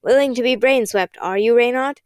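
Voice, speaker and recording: A woman's voice: fairly high pitch, moderate pace, darkish tone, no echo, clean studio sound, lightly acted. A woman voicing a gloating, mocking older male villain in a read-aloud story. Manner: smug, mocking, cackling.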